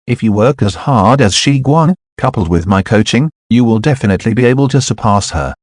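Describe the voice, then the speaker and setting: A man's voice: medium pitch, expressive, fairly quick, dry recording, clean studio sound, natural voice. A man reading as a stern middle-aged male swim coach who speaks curtly and admonishingly. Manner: curt, admonishing.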